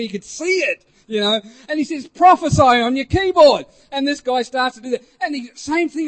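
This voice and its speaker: Male preacher with a high voice, animated storytelling testimony with filler-heavy narration. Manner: animated, rising to loud exclamations, many fillers.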